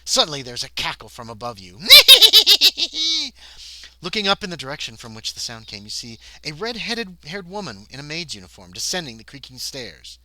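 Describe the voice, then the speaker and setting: A man's voice: medium pitch, sing-song, brisk, few pauses, pushed and bright, rough recording. A man playing a solo tabletop horror scenario on a livestream, reading the text aloud and breaking off into muttered asides. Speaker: solo tabletop game player and narrator.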